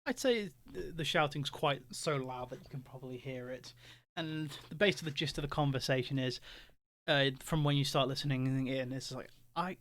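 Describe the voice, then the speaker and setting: A man's voice: mid-range voice, moderate pace, a bit bright, no echo. Hesitant man narrating as game master. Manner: hesitant, filler-heavy narration.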